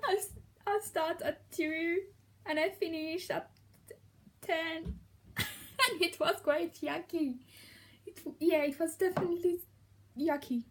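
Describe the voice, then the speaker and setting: A young French woman with a French accent, gushing excitedly in a casual vlog and laughing often. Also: high voice. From France. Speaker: vlogger.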